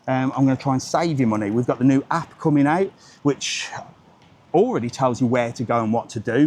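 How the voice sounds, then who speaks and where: A man in his forties hosting a live walking travel vlog, chatty and quick to greet passersby. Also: mid-range voice, darkish tone, slight background noise. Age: 40s. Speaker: travel vlogger host. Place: seafront promenade outdoors.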